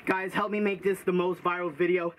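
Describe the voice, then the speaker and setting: A man's voice: high-pitched, flat delivery, brisk. A man on a fishing boat outdoors, talking casually in a panicky, pleading way and repeating himself, recorded by a camera on the boat. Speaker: fishing trip companion. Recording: loud wind and water noise outdoors.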